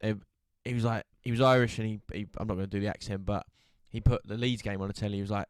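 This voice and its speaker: A man's voice: on the low side, steady tone, quick pace, few pauses, smooth, dry recording, studio quality. A man co-hosting a podcast, chatting casually and rambling through a story. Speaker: podcast co-host. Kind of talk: casual chat.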